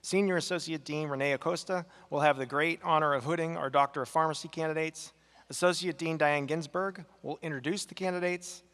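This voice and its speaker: A man's voice: fairly high pitch, fairly even intonation, a little fast, a bit bright. A man making formal announcements as presenter at a graduation ceremony in a large hall. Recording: long reverb in a large hall.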